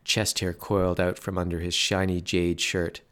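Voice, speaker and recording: A man narrating a story in a measured, dry way. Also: sits low, little pitch movement, fairly bright tone.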